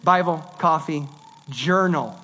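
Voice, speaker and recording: A man preaching a sermon in a conversational, animated way, swinging between loud and hushed delivery. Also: fairly high pitch, slow pace, a little hiss or hum. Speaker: pastor.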